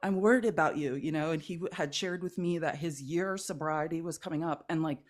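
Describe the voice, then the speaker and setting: Speaking fairly quickly in a low voice with fairly flat intonation, a woman guest creator shares something personal during a casual chat. Her telling is sincere but wandering, packed with fillers and one "like" after another.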